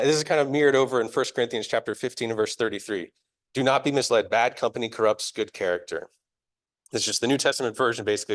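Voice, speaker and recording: A young adult man preaching live in a church, talking in a casual, chatty and self-deprecating way, often laughing at himself. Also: lowish voice. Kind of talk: conversational sermon.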